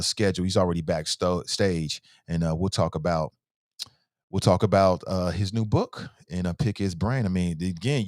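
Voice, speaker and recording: A man's voice: sits low, dry recording, studio quality. A middle-aged man hosting a casual morning talk show, rambling along and repeating phrases for emphasis. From Cincinnati. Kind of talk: casual live-stream talk.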